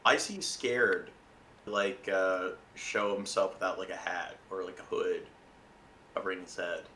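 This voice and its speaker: An American man hosting a casual stream podcast, trading sardonic deadpan jokes. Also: sits low, measured pace, a little hiss or hum. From United States. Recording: roomy echo.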